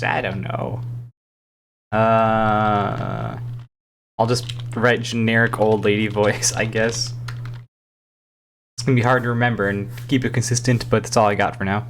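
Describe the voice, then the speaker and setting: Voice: medium pitch, steady tone, measured pace, long pauses, a little hiss or hum. A let's-play host chatting casually while playing, rambling and self-deprecating, on a home mic. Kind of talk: casual gameplay commentary.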